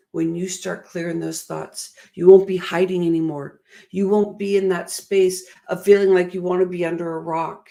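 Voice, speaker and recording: A woman's voice: fairly low pitch, level tone, normal speed, vocal fry, mellow. A middle-aged woman giving an emotional, earnest motivational talk, often laughing at herself. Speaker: motivational speaker.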